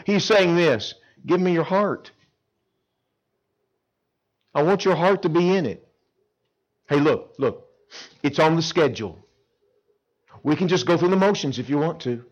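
A middle-aged man preaching a sermon to teenagers at a camp chapel, swinging between loud emphatic lines and hushed earnest ones. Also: fairly high pitch, moderate pace, low-quality recording.

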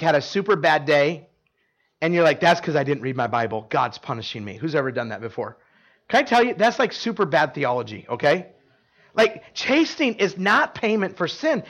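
A man's voice: high-pitched, fairly bright tone. A male pastor preaching a casual, conversational sermon to a live congregation, often quizzing the listeners and leaning on fillers like "like.". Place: church service before a live congregation.

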